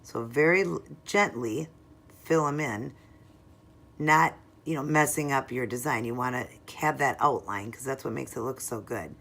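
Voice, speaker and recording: A woman walking viewers through a nail art tutorial in a chatty, step-by-step way, sometimes murmuring softly while she works. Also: rumbling low, normal speed, gravelly. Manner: chatty, explains each step, drops into soft murmurs while working.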